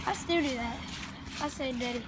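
A woman with a high voice vlogs on a street with a handheld camera, chatting casually at a normal speed. She is playful and talkative, jumping between loud and hushed tones. Loud traffic and street noise fill the recording.

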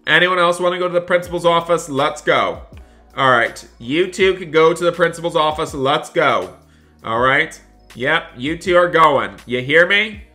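A man's voice: a little high, normal speed, pushed and bright, faint music behind. A man doing in-character game roleplay commentary as a teacher, exasperated and constantly talking to viewers. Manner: exasperated, keeps addressing viewers as "you guys". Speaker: gaming roleplayer.

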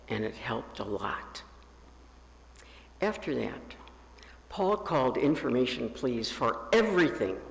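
Slow gravelly man telling a story. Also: big-room sound, slight background noise. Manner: slow, lifts his pitch for quoted voices. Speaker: pastor. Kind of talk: sermon storytelling. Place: church sanctuary.

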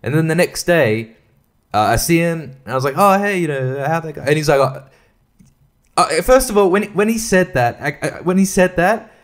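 A man's voice: on the high side, animated, moderate pace. A young man hosting a casual solo podcast, rambling and swearing, often laughing at himself. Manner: rambling, profane, self-mocking with frequent laughs. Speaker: podcast host.

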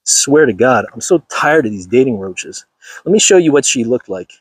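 A man's voice: medium pitch, sing-song, normal speed, breathy edge, no echo. A man hosting a livestream, ranting emphatically to his viewers and repeating himself for effect. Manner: emphatic, repetitive, addresses viewers directly. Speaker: channel host.

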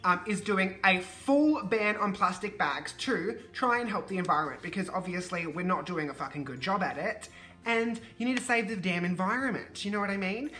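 A woman from Australia with an Australian accent, telling a storytime on her vlog with animated, profane ranting. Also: mid-range voice, moderate pace. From Queensland, Australia. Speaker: vlogger.

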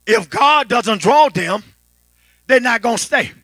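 A pastor preaching a fervent sermon, calling to the congregation and building to a shout. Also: male voice, very high-pitched, lively intonation, unhurried, no echo.

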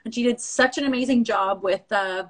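A woman's voice: fairly high pitch, moderate pace, a bit bright. A woman in her thirties hosting a casual Instagram live chat on her phone, chatty and rambling, laughing often. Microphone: phone livestream.

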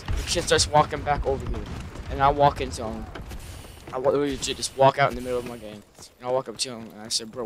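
A man's voice: mid-range voice, noisy background. A young man giving casual, rambling commentary over gameplay, subdued and swearing a lot. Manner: rambling, subdued, heavy swearing, lots of fillers. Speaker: gaming YouTuber. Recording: gunfire from gameplay behind voice. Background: video game gunfire.

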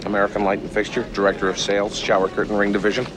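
An actor playing a friendly, talkative traveling salesman giving a smooth sales patter. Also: fairly low pitch, monotone, racing, noisy background, lightly acted. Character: chatty, eager male traveling salesman. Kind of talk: comic film sales pitch. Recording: film audio with music bed.

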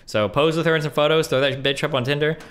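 A man hosting a relationship advice call-in show, and he talks at a racing clip. He is blunt and profane, and he keeps cutting in with quick, pointed questions. His voice sits a little higher than most men's. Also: fairly even intonation, a bit bright. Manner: blunt, fast-talking, profane. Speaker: host.

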